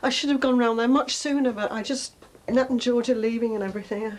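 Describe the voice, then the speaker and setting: A woman's voice: a little high, quick pace, lightly acted. An actress playing a worried, guilt-ridden mother in a TV soap drama, speaking anxiously.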